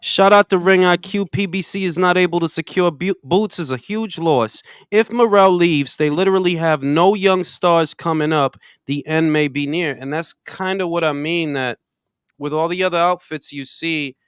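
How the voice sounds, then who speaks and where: An older man hosting a casual boxing talk show, profane and loud, swinging between shouting and muttering. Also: a little high, moderate pace, smooth, no echo, clean studio sound. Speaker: boxing podcast host. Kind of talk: casual chat.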